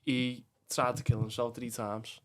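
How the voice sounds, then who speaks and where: A man's voice: mid-range voice, level tone, a little slow, fairly bright tone. A man from Liverpool with a Scouse accent, talking bluntly in a casual podcast chat, swearing often and calling people lad. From Bootle, Liverpool, England. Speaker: podcast guest.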